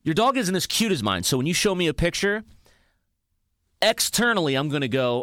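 Animated, profane podcast host ranting. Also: male voice, on the high side, brisk, no room sound, studio quality. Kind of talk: casual comedic monologue.

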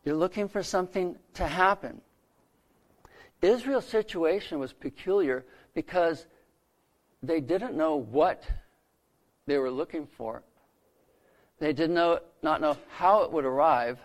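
A man preaching a sermon who retells scripture stories, lifting his voice for quoted lines and dropping soft and low to land a point. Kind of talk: sermon storytelling.

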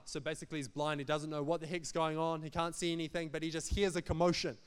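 A man's voice: fairly high pitch, level tone, fast talker, few pauses, clear, resonant tone. A man preaching a sermon as pastor, emphatic and repetitive, with jokes between points.

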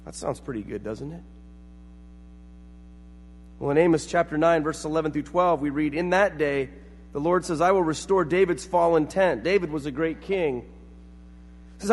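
A man's voice: a little high, normal speed, long pauses, big-room sound. A middle-aged man preaching a sermon as pastor, telling family stories and acting out quotes. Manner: storytelling with acted-out quotes.

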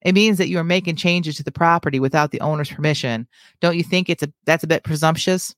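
A woman's voice: low-pitched, fast, no room sound, clean studio sound, close to an everyday voice. A woman reading the lines of a prim, scolding young belle from her own story, in her everyday voice. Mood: haughty. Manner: haughty, scolding.

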